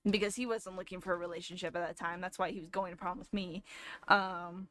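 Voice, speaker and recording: A woman's voice: lowish voice, steady tone, a little fast, bright, forceful tone. A young woman streamer casually telling a rambling personal story, often laughing as she goes.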